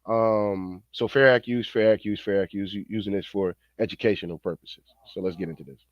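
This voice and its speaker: A man's voice: fairly low pitch, steady tone, fairly quick, no room sound, muffled recording. A man doing profane reaction commentary, slangy, rambling and fired-up. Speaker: online commentator.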